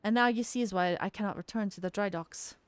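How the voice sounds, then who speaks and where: A woman's voice: mid-range voice, fast talker, slight background noise, natural voice. A woman voicing a worried young male dockhand in a put-on rustic seafaring accent with old-fashioned folksy dialect. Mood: earnest.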